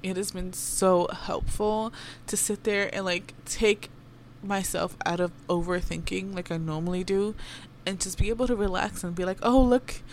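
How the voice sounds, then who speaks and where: A young podcast host goes on a rambling personal rant, swearing without restraint and mixing in Spanish phrases. Her mid-range voice has fairly even intonation and a moderate pace, over slight background noise.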